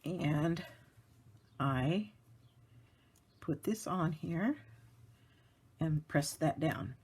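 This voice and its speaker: A woman's voice: low-pitched, animated, drawn-out words, a little mellow, breathy edge. A woman giving a casual card-making tutorial, chatty and laughing lightly as she narrates each step at her work table.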